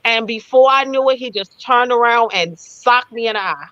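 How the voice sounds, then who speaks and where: A woman guest telling her story in a live interview, animated, blunt and profane. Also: on the high side, normal speed, dry recording, highs cut off.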